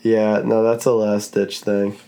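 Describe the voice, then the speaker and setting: A man's voice: fairly low pitch, completely flat delivery, unhurried, warm tone. A man hosting a casual podcast chat, rambling in a laid-back way and swearing now and then. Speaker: podcast host.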